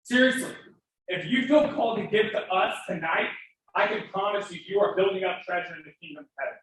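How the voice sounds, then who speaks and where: This fundraiser speaker has a high-pitched, fairly bright voice and a brisk delivery. His appeal to the event-hall crowd is fervent and emphatic, with moments where emotion breaks through, and the distant recording carries heavy hall echo and faint noise.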